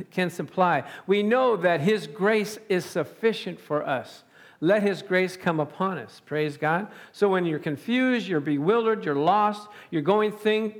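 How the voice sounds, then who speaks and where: A man preaching a sermon, animated and chuckling often, calling out to his congregation. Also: sits high.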